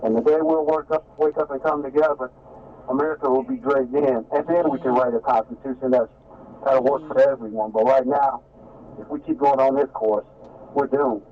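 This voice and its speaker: A male caller speaks emphatically in a preachy, warning tone. His voice sits at a middling pitch. The call audio is dull and lo-fi. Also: steady tone, normal speed. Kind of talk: call-in opinion.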